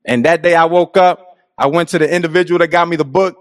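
A man's voice: a little high, fairly even intonation, quick pace, dry recording, studio quality. A middle-aged man telling his own life story in an earnest, reflective and casual way. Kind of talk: personal storytelling.

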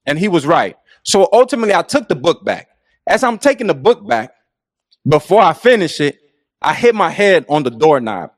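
A man's voice: fairly high pitch, big pitch swings, moderate pace, dry recording, clean studio sound. A middle-aged man telling his own life story in an earnest, reflective and casual way. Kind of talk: personal storytelling.

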